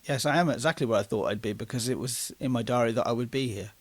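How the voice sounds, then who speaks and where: Brief: man, 40s, podcast co-host, quick, wry, anecdotal, mid-pitched. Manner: chatty, self-mocking storyteller. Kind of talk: casual podcast chat.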